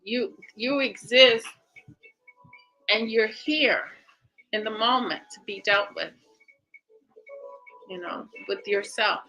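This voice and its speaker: A woman hosting a livestream, slowly guiding listeners through self-reflection questions and thanking viewers by name. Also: on the high side, bright, forceful tone, muffled recording, soft background music. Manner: slow, repeating questions with shifting emphasis. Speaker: livestream host. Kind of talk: guided self-reflection talk.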